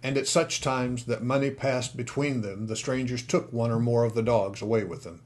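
A man's voice: mid-range voice, normal speed. Man narrating an audiobook dramatically. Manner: dramatic, louder in action scenes.

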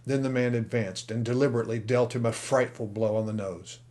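A man reading a story aloud as an audiobook narrator, growing louder and more dramatic in the action scenes. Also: medium pitch, steady tone, fairly quick.

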